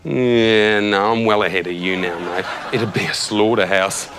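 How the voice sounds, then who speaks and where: Against a noisy background, a man with a lowish voice speaks at a measured pace with fairly even intonation. He's an Australian actor in sketch comedy, playing a blithely tactless middle-aged suburban dad who tucks his son in at night on a TV set, breezy and chummy, calling him mate.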